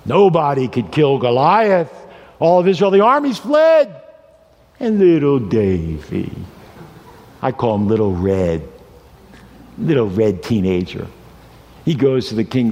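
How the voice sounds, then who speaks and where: Older male pastor, 60s, animated sermon storyteller, reverberant hall. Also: medium pitch, a little slow, long pauses, dull audio. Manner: animated storytelling, voices the characters.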